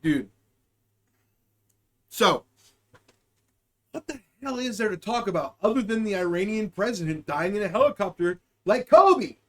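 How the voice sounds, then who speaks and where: A young man with a strikingly high-pitched voice, hosting a live stream and talking straight to his chat. He rambles and jokes, swears freely and hops from one word association to the next. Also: lively intonation, a little slow, long pauses, a bit bright. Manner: rambling, joking, profane, riffing on word associations. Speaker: podcast host and streamer.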